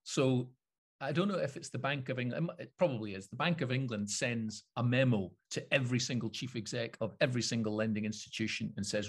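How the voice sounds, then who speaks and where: A Scottish man co-hosting a podcast, explaining things in an animated, opinionated way with frequent chuckles. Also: medium pitch, brisk, slightly rough. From Scotland. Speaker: podcast co-host. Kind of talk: casual chat.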